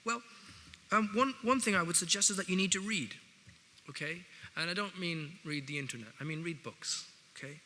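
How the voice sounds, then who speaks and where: A wry Irish man speaks to a hall of students, his voice very bright and a little high. His talk is conversational and full of jokey asides. The long reverb of a large hall trails each phrase. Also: a little fast. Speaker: guest speaker. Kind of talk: public speech to students. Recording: reverberant hall, faint noise.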